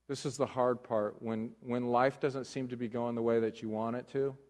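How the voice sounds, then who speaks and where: A male pastor giving a conversational sermon, moving between hushed talk and loud emphasis. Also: mid-range voice, little pitch movement, normal speed, long reverb tail.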